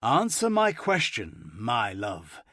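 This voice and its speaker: A man voicing a confident, commanding adult male lover in an audiobook, with slow, teasing delivery. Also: mid-range voice, wildly swooping pitch, a bit bright, dry recording, studio quality, voice pushed down, heavily acted. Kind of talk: audiobook character voice.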